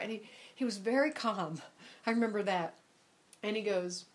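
An older woman telling a personal testimony in an animated, dramatic way, acting out scenes and repeating herself for emphasis. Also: medium pitch, normal speed, pauses often. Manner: animated, dramatic retelling with many repeats and quoted voices. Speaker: speaker sharing a personal testimony. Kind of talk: personal storytelling.

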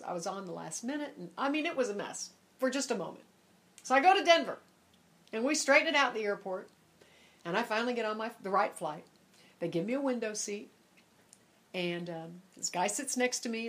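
An older woman shares a personal testimony as a lively storyteller. Her voice sits fairly high, and she acts out the scenes with dramatic emphasis and frequent repeats. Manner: animated, dramatic retelling with many repeats and quoted voices. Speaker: speaker sharing a personal testimony.

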